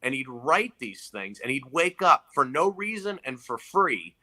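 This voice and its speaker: A man telling a story in casual chat, animated, acting out quoted people. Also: measured pace. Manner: animated storyteller, acts out quotes in loud high voices. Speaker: comedian guest.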